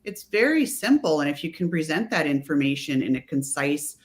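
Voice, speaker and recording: A middle-aged woman pharmacist, a guest in an interview, talking in an animated way and acting out the dialogue she tells. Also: sits low, a little fast. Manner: animated storyteller, acts out quoted dialogue. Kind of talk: conversational interview.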